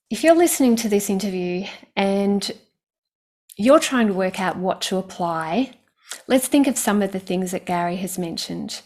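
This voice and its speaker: A woman's voice: medium pitch, a little mellow. A woman hosting an interview, asking questions and summing up lessons for listeners in an encouraging way.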